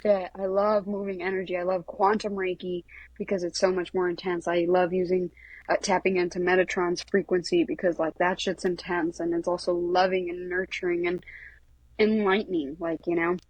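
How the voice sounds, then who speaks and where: A woman in her thirties guests on a casual podcast. Her voice is low and husky, and she is recorded close and dry. She talks bluntly and enthusiastically, swearing freely. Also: level tone, normal speed, no echo. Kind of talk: casual chat.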